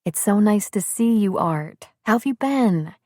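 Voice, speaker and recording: A woman voicing a kind young mother who speaks gently and patiently. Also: mid-range voice, lively intonation, unhurried, no echo, clean studio sound, pitched above the performer's own voice. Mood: gentle.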